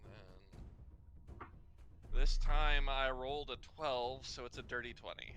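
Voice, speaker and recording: A man's voice: mid-range voice, measured pace, pushed and bright, faint music behind. A man playing a tabletop game, explaining his moves casually and hesitantly, with many fillers. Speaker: player.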